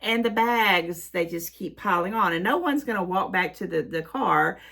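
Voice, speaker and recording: Bright chatty Southern woman vlogger. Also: fairly low pitch, moderate pace, vocal fry. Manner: animated, rambling, folksy exclamations. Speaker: YouTube host. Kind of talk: chatty haul vlog intro.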